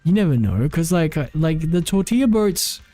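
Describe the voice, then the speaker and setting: A man's voice: a little high, big pitch swings, moderate pace, mellow, no echo, faint music behind. A man streaming and chatting casually, rambling with lots of "like" and frequent self-corrections. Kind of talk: casual live-stream chat.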